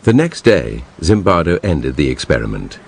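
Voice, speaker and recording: A man's voice: rumbling low, very animated, moderate pace, creaky, a little mellow, slight background noise. A man giving scripted documentary narration.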